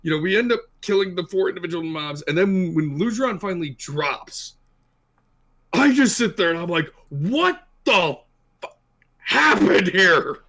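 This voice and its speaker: A man's voice: high-pitched, normal speed. A man co-hosting a podcast, telling a gaming story and acting out his own panic. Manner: excitable, acts out his panic. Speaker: podcast co-host. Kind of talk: casual storytelling chat.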